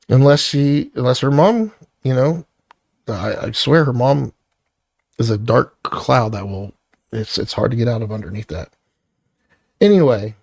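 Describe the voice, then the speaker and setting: A man's voice: medium pitch, creaky, darkish tone, dry recording. Angry profane man venting in a dry room. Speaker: vlogger. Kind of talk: angry personal rant to camera.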